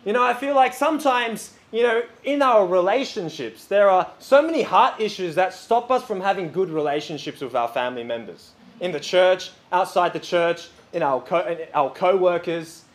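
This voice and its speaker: A man preaching a sermon in a lively, chatty way, with lots of "you know" and "um" fillers. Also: sits high, moderate pace, few pauses.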